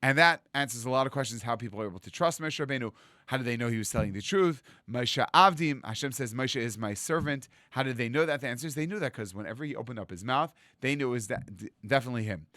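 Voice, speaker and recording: A rabbi delivers a sermon in an animated storytelling way, acting out the voices of the people he quotes. He is a man with a mid-range voice. The sound is dry and close. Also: mid-range voice, fast talker, dry recording. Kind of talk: Torah sermon.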